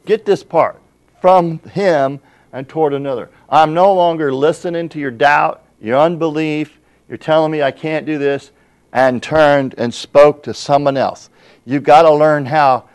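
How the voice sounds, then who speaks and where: Emphatic male pastor preaching. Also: mid-range voice. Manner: reads scripture aloud and addresses the congregation; emphatic, with rhetorical questions. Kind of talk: sermon.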